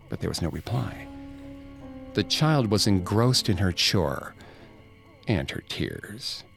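A man narrating a ghost story in a scripted, dramatic way, dropping to a hush at tense moments. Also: lowish voice, creaky.

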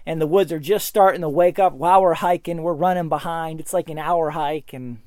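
A man's voice: on the high side, fairly even intonation, fairly quick, darkish tone, no room sound, clean studio sound. Enthusiastic man telling a hunting story. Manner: enthusiastic, storytelling, repeats words. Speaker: hunter reviewing hearing protection earbuds. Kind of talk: casual product review.

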